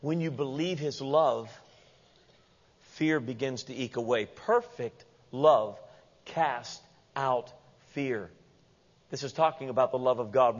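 A man preaching a sermon as pastor, animated and playful, acting out the voices of the people he quotes. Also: medium pitch. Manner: animated, acts out quoted voices with humorous asides. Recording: dull lo-fi sound with long hall reverb.

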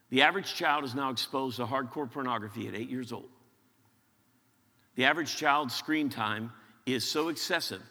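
A man from western Pennsylvania preaching and making announcements to his congregation, energetic and stumbling over repeated words as he gets excited. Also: mid-range voice, in a large hall. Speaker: pastor. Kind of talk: sermon announcements. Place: large church auditorium.

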